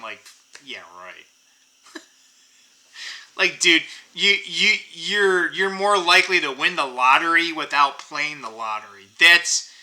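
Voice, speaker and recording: Bright-voiced man ranting casually. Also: fairly high pitch, low-quality recording. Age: middle-aged. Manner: rambling, profane, frequent fillers. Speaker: channel host. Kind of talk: casual rant to camera.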